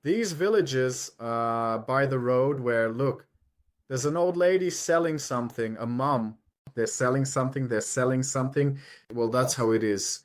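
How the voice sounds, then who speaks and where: A man's voice: medium pitch, unhurried. Chatty man vlogging from a truck cab. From Ukraine. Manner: rambling, chatty, addresses viewers as friends. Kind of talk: casual chat while driving.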